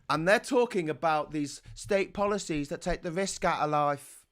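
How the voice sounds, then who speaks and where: A man's voice: on the high side, moderate pace, fairly bright tone. A man hosting a political commentary show, ranting in an angry, sarcastic, blunt way.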